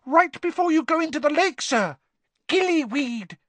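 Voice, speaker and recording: Dobby, a squeaky eager house elf. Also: lively intonation, normal speed, no room sound. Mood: earnest. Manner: eager, speaks of himself in the third person, adds "sir". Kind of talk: audiobook character voice.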